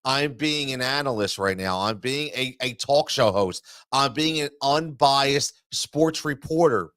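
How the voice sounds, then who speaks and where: A man's voice: mid-range voice, a little slow, fairly bright tone, dry recording, clean studio sound. A man hosting a sports talk show, ranting in an exasperated monologue full of repetition and stammering restarts.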